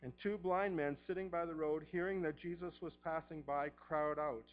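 A man's voice: fairly high pitch, fairly even intonation, normal speed. Fervent middle-aged male preacher, lo-fi. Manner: fervent preaching, swinging from hushed to shouting. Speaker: pastor. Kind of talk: sermon.

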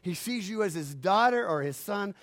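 A man pastor preaching a sermon, swinging from loud swells to quiet asides and acting out imagined voices. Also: high-pitched, animated, normal speed. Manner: acts out imagined phone calls in a grumbling aside voice.

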